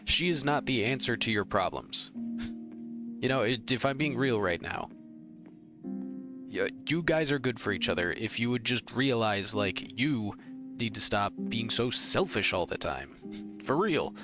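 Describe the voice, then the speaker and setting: A man's voice: medium pitch, animated, unhurried. A young man giving emotional, rambling gameplay commentary, arguing with the characters on screen. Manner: rambling, heated, talks to the screen. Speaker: let's play gamer. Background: game music.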